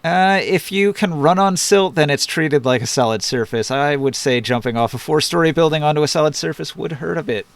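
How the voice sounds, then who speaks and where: Casting: male game master, smooth resonant voice, patient and explanatory. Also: on the high side, fairly quick, hardly any pauses, dry recording. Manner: explains rules and layout patiently. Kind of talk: narrating a tabletop game.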